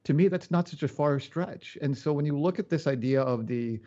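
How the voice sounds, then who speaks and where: A man's voice: fairly high pitch, a little fast, dark tone, lo-fi sound. A man who is a podcast guest, chatting casually and thinking aloud, repeating and stumbling over his words. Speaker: podcast guest, tech expert. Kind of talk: casual chat.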